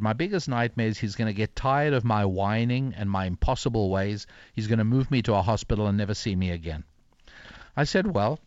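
An older man, an author being interviewed, telling a story reflectively with pauses and restarts. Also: mid-range voice, dry recording, dull audio. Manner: reflective, many fillers and restarts. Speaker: author and guest.

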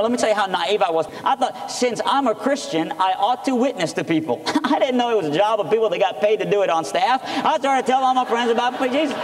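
Man preaching in an echoey hall. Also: extremely high pitch. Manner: earnest, animated storytelling. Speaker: preacher giving testimony. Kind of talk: sermon testimony.

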